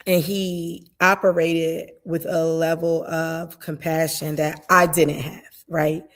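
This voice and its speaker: Lady lawyer talking heartfelt about her family, lowish voice, gets animated retelling stuff. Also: slow pace. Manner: earnest, animated when retelling events. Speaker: guest defense attorney. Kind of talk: emotional personal conversation.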